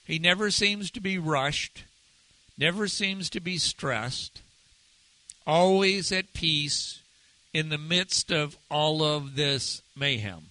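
A male pastor delivers a sermon in an earnest, measured way, drawing out the words he wants to land. His voice is sharp and very bright, a little higher than most men's, and it sounds close and dry. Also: no echo, rough recording. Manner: earnest, measured, slows down to stress key phrases.

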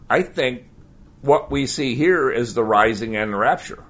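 A man's voice: mid-range voice, measured pace. Guy preaching a sermon, takes his time, chatty, throws questions at the crowd. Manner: conversational, animated preaching with rhetorical questions. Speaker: pastor.

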